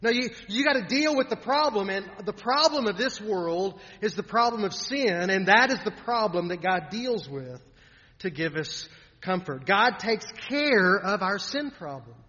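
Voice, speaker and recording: A man preaching a sermon in an earnest way, often repeating words and trailing off softly at the ends of lines. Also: high-pitched, animated, measured pace. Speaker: pastor. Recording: dull sound in a reverberant hall.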